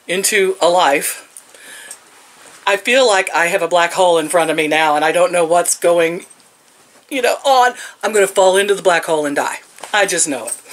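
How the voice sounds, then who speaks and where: Older lady chatting into her phone outside, lively up and down voice, laughs a lot, bit of faint hiss. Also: mid-range voice. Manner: chatty, laughs often, tells stories. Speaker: vlogger. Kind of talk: casual vlog chat. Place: outdoors at home. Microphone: phone camera.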